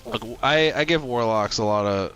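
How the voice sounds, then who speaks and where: A man's voice: medium pitch, moderate pace, a bit bright, soft background music. A man streaming a game, talking casually with a teammate, joking and laughing often. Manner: chatty, laughs often, jokey. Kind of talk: casual gaming chat.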